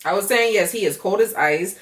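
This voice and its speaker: A woman's voice: mid-range voice, fairly quick, distant mic. A woman giving a chatty, profane, laughter-filled casual recap of a reality show. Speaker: YouTube reality-show reviewer. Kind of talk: casual reaction commentary.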